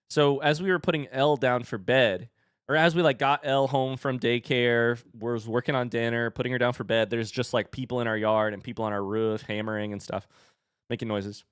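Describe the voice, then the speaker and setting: A man in his thirties chatting casually with his live-stream audience in an animated way. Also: mid-range voice, fairly quick, smooth, dry recording, clean studio sound. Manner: chatty and animated, baby-talks his dogs.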